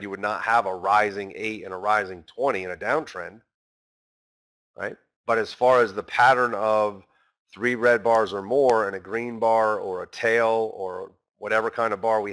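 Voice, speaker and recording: Bright-voiced man teaching trading. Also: lowish voice. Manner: conversational, constant tag questions like right and okay; acts out frustrated traders' inner voices. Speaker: trading instructor. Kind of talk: live teaching session.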